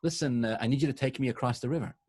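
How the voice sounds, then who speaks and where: A man's voice: mid-range voice, racing, darkish tone, lightly acted. A man putting on a smug scheming scorpion. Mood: persuasive. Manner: smug, matter-of-fact. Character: cocky scheming male scorpion.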